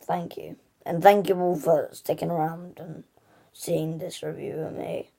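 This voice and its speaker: A woman reviews a film in a loose, gushing ramble, leaning on "like" and starting over mid-thought. Her voice is low, dark and gravelly, with plenty of vocal fry. She talks slowly and unhurriedly. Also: level tone. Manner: gushing and rambling, full of "like" and restarts. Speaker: movie reviewer. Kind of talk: casual spoken film review.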